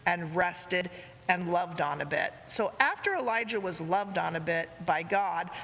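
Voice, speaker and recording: A woman preaching a sermon, retelling a story in a gentle way, with quoted lines spoken softly. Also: lowish voice, animated, a little slow. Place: church sanctuary. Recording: reverberant church hall.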